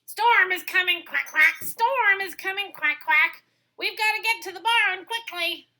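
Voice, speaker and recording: A woman's voice: extremely high pitch, measured pace, pushed and bright, voice pushed up, full character voice. A woman voicing a flustered male duck in a storybook, sputtering and dropping quacks between words.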